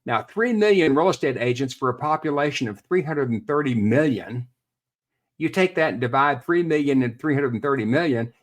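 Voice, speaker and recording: A man, a real estate expert guest on a podcast interview, explaining earnestly and repeating words as he thinks. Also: medium pitch.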